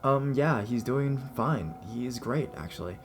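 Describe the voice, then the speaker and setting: A man voicing a polite, gentle ten-year-old girl answering the phone. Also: medium pitch, lively intonation, unhurried, over music, voice pushed up, natural voice. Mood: polite, nervous.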